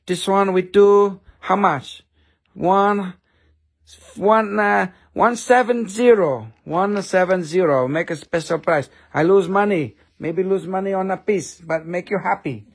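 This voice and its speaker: A man's voice: sits high, a little slow, slightly rough, full character voice. A man putting on a pushy gem seller who haggles in clipped broken English during a live-stream sale. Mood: hard-selling. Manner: hard-sell patter in clipped broken English. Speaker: host of a live crystal sale. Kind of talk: live-stream sales comedy.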